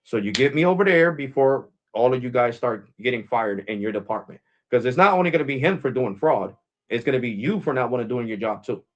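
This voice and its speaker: A man's voice: mid-range voice, lively intonation, brisk, muffled recording. An American man live streaming as host, talking casually and with exasperation, repeating himself as he rambles. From United States.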